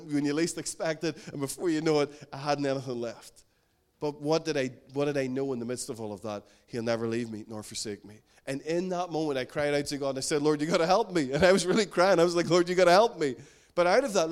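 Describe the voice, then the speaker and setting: A man's voice: on the high side, clean tone. Earnest male preacher. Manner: earnest, emphatic, repeats key phrases. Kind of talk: sermon.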